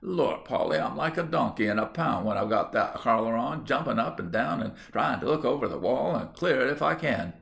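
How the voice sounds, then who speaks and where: A man's voice: mid-range voice, animated, fairly quick, gravelly, hardly any pauses, fairly bright tone, pitched above the performer's own voice. A man voicing a good-natured young country lad who chats in broad rustic dialect. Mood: chatty.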